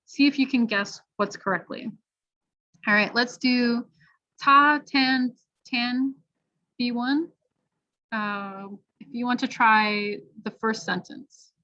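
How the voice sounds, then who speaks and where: A woman teaching a pronunciation workshop, modeling each sound slowly and deliberately. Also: on the high side, bright, forceful tone. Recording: dull lo-fi audio.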